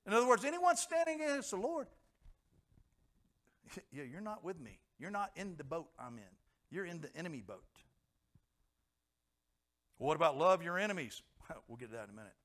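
Middle-aged guy preaching, pretty high voice, chatty, throws questions at the crowd. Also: sing-song, normal speed, long pauses, fairly bright tone. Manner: conversational, acts out quoted voices, asks the congregation questions. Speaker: pastor. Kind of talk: sermon.

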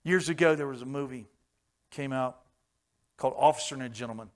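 A man preaching a sermon, telling stories with folksy jokes and chuckles, swinging from hushed tones to loud, fervent passages. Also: mid-range voice, fairly quick.

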